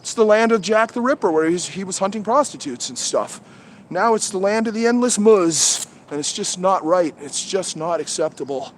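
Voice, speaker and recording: Heated, high-voiced man ranting outdoors. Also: expressive, moderate pace, a little hiss or hum. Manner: profane, heated, rambling. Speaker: livestream host. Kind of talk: rambling livestream rant. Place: outdoors among trees. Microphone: head-mounted camera.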